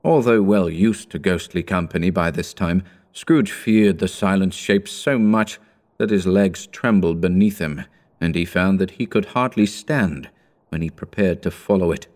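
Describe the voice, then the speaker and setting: Man, audiobook narrator, very deep voice, measured, steady reading.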